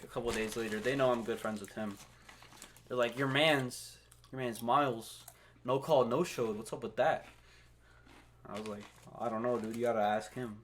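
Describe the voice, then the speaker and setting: A young man chats casually on a podcast, jumping in with jokes and his own side of the stories. His voice sits at a middle pitch, with faint noise under the recording. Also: fairly bright tone. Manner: joking, chiming in on stories. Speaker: podcast co-host. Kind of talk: casual chat.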